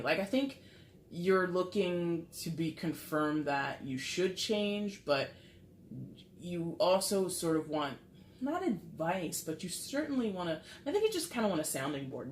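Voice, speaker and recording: A woman's voice: fairly low pitch, sing-song, unhurried, a little mellow, a little hiss or hum. A woman giving a casual tarot reading to camera, talking in a rambling, chatty way with lots of filler words. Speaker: tarot reader. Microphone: camera mic. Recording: roomy echo.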